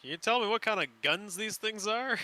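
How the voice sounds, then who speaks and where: A man's voice: high voice, lively intonation, brisk, heavy background noise. A man playing a tabletop game, curious and playful, laughing often. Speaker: player. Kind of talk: casual tabletop play.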